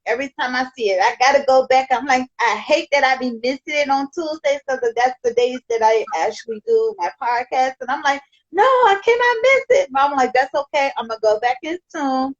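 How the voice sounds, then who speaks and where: Chatty higher-voiced woman, dull audio. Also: brisk, few pauses. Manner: enthusiastic, admiring, chatty. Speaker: podcast host. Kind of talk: casual interview chat.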